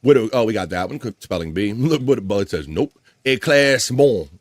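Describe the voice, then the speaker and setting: A man's voice: fairly low pitch, animated, a little fast, heavy background noise. A man hosting a casual live stream, joking around and reading viewer comments aloud. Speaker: show host.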